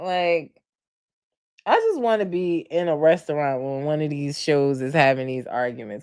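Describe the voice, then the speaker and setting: A woman hosting a casual reality TV recap, animated, laughing and loudly mimicking cast members. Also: low voice, normal speed, clean tone, no echo, studio quality. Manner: animated storytelling with frequent laughs and loud mock-quotes. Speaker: podcast host recapping reality TV.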